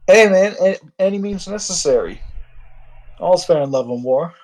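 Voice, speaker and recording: A man's voice: high voice, lively intonation, normal speed, a little mellow, low-quality recording. A man in casual gaming chat, blunt and teasing, swearing freely. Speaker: co-host.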